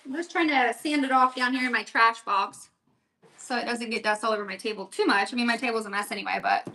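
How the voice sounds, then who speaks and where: Woman crafting at home on a livestream, high bright voice, chatting along with the comments. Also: steady tone, fast, slight background noise. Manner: chatty, reads viewer comments aloud while working. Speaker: livestream seller host. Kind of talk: casual crafting livestream chat.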